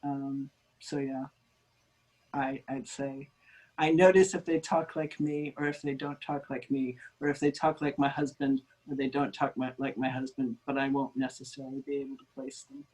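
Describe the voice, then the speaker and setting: A woman's voice: a bass voice, little pitch movement, moderate pace, a little mellow, rough recording. A woman, a linguist, chatting as an interview guest over a video call, talkative and self-deprecating with frequent ums. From United States. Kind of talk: conversational interview.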